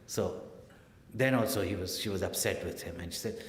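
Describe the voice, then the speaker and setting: A man's voice: on the low side, very animated, moderate pace, pauses often. A man giving a spiritual lecture and telling stories in a conversational way, with frequent asides and tag questions. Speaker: spiritual teacher. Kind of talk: lecture with storytelling. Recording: echoey hall, faint background noise.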